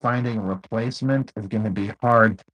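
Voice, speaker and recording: A man's voice: lowish voice, steady tone, brisk, a bit bright, breathy edge, muffled recording. A man co-hosting a casual chat, laid-back and swearing freely as he tells stories. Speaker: co-host.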